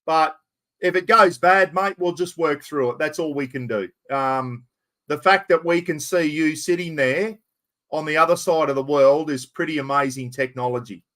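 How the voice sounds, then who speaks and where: Aussie bloke hosting a live chat, kinda high voice, says mate a lot. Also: male voice, normal speed, fairly bright tone. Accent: Australian. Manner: chatty, calls everyone mate. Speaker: host. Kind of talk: casual live-stream chat.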